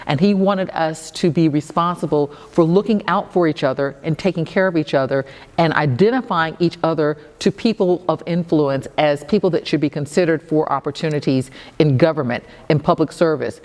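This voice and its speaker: A woman in her sixties, a judge, being interviewed and telling stories about her career. She acts out the quoted dialogue in her stories. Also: low voice. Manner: lively storyteller who acts out quoted dialogue. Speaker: federal judge, interview guest. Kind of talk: conversational interview storytelling. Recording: long reverb.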